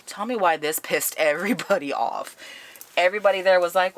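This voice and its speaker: Brief: lively, foul-mouthed woman book reviewer, low voice. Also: brisk, no room sound. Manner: animated, profane, laughing often.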